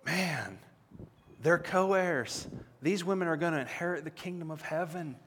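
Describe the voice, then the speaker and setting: A male pastor with a somewhat high voice preaches an earnest, conversational sermon that climbs to emphatic peaks. The sound rings with the long reverb of a large hall. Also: normal speed, fairly bright tone, a little hiss or hum.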